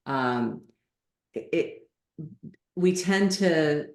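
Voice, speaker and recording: A woman yoga teacher giving calm, measured guidance in an online class. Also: low voice. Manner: calm, measured instruction with gentle reassurance. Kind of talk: guest instruction in a live online class. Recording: echoey room.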